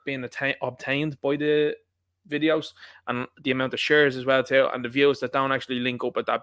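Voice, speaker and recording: An Irish man hosting a live stream, talking in a rapid, insistent way. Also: mid-range voice, fairly bright tone, clean tone, no room sound. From Ireland. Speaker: host. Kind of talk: casual live-stream chat.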